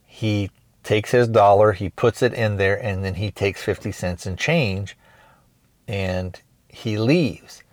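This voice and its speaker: A man's voice: fairly low pitch, slow pace, no echo. A man hosting a podcast, casually retelling a movie scene by scene and slipping into short acted quotes. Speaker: podcast host reviewing a film. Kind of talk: casual spoken film recap.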